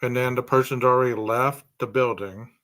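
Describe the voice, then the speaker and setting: A man's voice: medium pitch, steady tone, moderate pace, a bit bright. A man hosting a true crime podcast, speculating aloud through a string of rhetorical questions.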